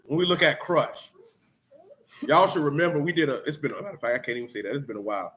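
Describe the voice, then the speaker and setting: Brash preacher, bright voice. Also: male voice, a little high, quick pace. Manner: blunt street talk with scripture reading. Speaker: teacher. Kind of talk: sermon.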